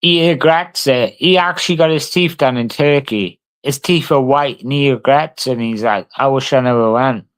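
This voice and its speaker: A man's voice: mid-range voice, moderate pace, few pauses. A man, talking casually and swearing a lot as he answers a live stream chat. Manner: brash, sweary, talks back to chat. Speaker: livestreamer.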